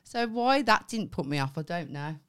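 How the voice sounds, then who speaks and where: A woman's voice: fairly low pitch, animated, normal speed, a bit bright, smooth. A woman co-hosting a podcast in casual chat, swearing freely, laughing often and acting out what people said. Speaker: podcast co-host.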